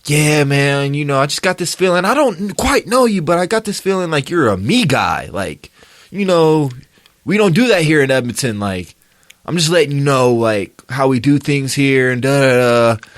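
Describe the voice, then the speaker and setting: A blunt, watchful older football coach , as a young man puts him on, laying down the rules in a laid-back tone. The voice is pitched a touch above the man's own and sounds dry and close to the mic. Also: big pitch swings, normal speed, no room sound.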